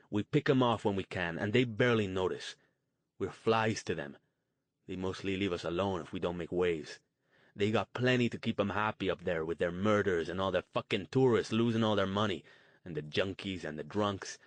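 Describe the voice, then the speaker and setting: A man voicing a gruff, hard-bitten male street outcast who talks blunt and crude in slang. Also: low voice, no echo, close to an everyday voice.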